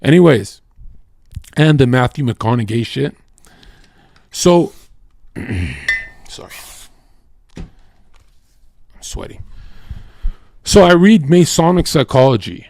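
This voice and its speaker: A man's voice: mid-range voice, a little mellow, no echo, studio quality. A man streaming live, talking in a casual, profane, rambling way and often saying "bro" and "like". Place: home streaming setup.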